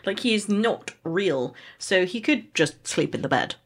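A woman's voice: mid-range voice, lively intonation, measured pace, a little hiss or hum. A woman co-hosting a book podcast in a casual chat, joking and laughing often. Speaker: podcast co-host.

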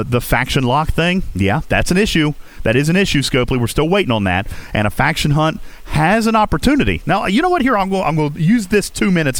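A man's voice: fairly high pitch, no room sound. A man hosting a gaming podcast, talking casually and coaching listeners, often checking in with "okay?". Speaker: podcast host.

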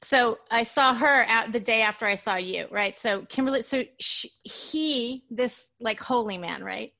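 A woman's voice: a little high, measured pace, vocal fry, bright, forceful tone. A woman hosting a conversational interview, emphatic and questioning as she makes her point. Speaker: host.

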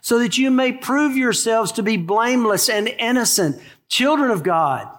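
A man's voice: very high-pitched, animated, normal speed, fairly bright tone. A man in his sixties, a pastor preaching a sermon in a conversational, folksy way with asides to the congregation.

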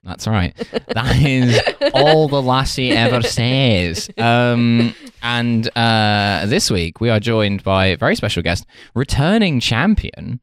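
A man hosts a comedy podcast with a lively, swooping delivery and quick jokes. His voice sits in an ordinary middle register. The sound is dry and close to the mic. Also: mid-range voice, dry recording. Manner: jokey, quick banter with frequent laughs. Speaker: podcast host. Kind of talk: casual comedy chat.

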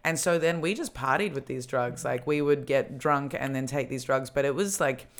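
A woman from Australia co-hosting a podcast, rambling in casual chat with frequent restarts and quick laughs. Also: very deep voice. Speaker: podcast co-host.

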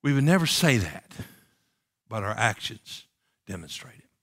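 A man, a pastor preaching a passionate sermon, swinging from loud emphatic calls to hushed pleading and asking the congregation rhetorical questions. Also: on the low side, big pitch swings, unhurried.

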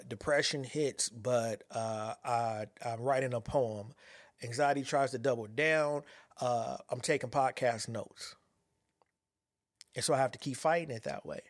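Man talking haltingly about a dream. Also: mid-range voice, no room sound, studio quality. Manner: halting, many restarts and fillers, reflective. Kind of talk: personal monologue about anxiety and a dream.

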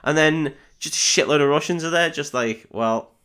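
A man's voice: fairly high pitch, fairly quick, pushed and bright, slight background noise. A man hosting a podcast, casually recapping a film with swearing, jokes and mocking voices for the characters. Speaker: podcast host.

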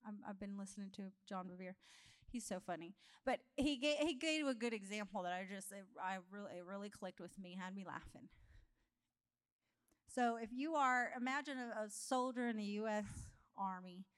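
A woman preaching a humorous sermon in a conversational style, telling animated stories and laughing often. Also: medium pitch, normal speed, clean tone. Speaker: guest preacher.

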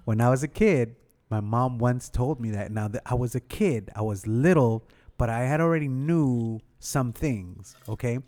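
A man from Mexico with a mid-pitched voice, telling a funny story among friends. He pokes fun at himself and mixes in Spanish words. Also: moderate pace, warm tone. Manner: storyteller, self-mocking, drops in Spanish words. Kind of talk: casual storytelling.

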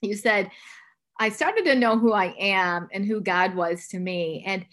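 A woman's voice: mid-range voice, a little slow. Podcast host, woman, 50s, conversational and full of fillers, middle-range voice. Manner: chatty, warm-hearted asides with many fillers. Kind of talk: conversational interview.

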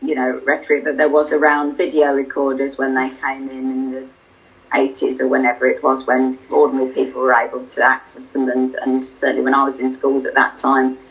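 A podcast co-host with a mid-pitched voice who winds slowly toward a question. The talk is meandering and self-deprecating, with many restarts. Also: monotone, fairly bright tone, rough recording. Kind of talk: casual conversation.

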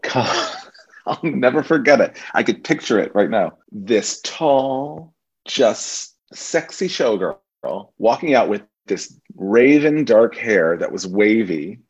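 A man, a stage actor and teacher, telling animated anecdotes as a podcast guest. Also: lowish voice, measured pace, breathy edge, dull audio. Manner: animated anecdotes, acts out quoted voices. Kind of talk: casual interview storytelling.

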